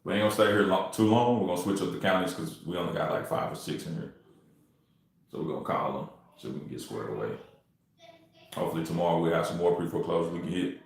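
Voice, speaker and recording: A man's voice: sits low, fast, creaky. A man, chatting loosely with his livestream viewers while he makes cold calls. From Texas. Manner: loose, talks straight to the chat in slang. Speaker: real estate wholesaler streaming cold calls. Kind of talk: casual livestream chat. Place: home room. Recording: very echoey room.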